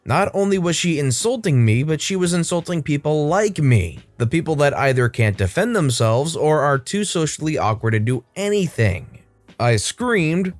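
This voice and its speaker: Lively young man telling stories. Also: on the high side, moderate pace, no echo, faint music behind. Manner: expressive, dramatic storytelling. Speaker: narrator of online stories. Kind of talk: storytime narration.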